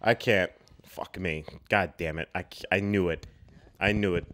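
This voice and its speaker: A young man with a slightly low voice talks his way through a film reaction in a loose, casual way. He bursts out excitedly and laughs often. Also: unhurried, soft background music.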